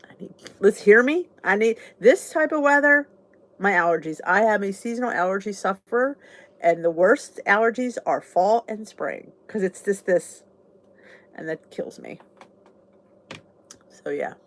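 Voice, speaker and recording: A woman from southern New Jersey, speaking with a South Jersey accent in a medium-pitched voice, hosts a live stream on her weight-loss channel. She chats casually, rambles, and greets her viewers.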